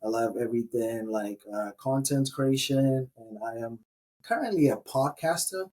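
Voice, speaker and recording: A man from Ghana, a podcast guest describing himself in an earnest, measured way. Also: medium pitch, lively intonation, a little mellow, low-quality recording. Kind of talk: casual interview talk.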